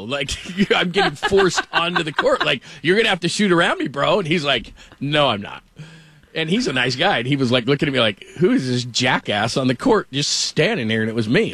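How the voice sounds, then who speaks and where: A man's voice: medium pitch, fairly bright tone, no room sound. A middle-aged man hosting casual sports talk, rambling through stories and acting out quotes as he goes. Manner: rambling storyteller, acts out quotes. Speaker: sports radio host.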